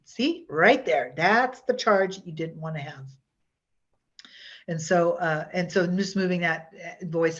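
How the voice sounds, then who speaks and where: A woman presenting a hypnosis workshop in a chatty, rambling way, with many fillers and restarts. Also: on the low side. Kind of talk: casual workshop teaching. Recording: dull lo-fi online workshop audio.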